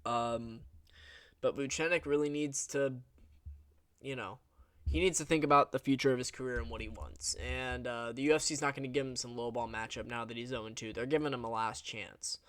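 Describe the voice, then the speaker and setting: A man's voice: medium pitch, fairly even intonation, fairly quick, fairly bright tone, clear, resonant tone, no room sound. Young male recap host, casual and blunt, mid-range voice, dry close sound. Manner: rambling, blunt, with crude jokes. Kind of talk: casual commentary.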